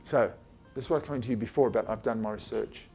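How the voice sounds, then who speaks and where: Talking very fast in a lowish, darkish, gravelly voice, this Australian eye surgeon gives an informal lecture to a small group of colleagues in his office while faint music plays. He's blunt and chatty, swears offhandedly and acts out his patient exchanges.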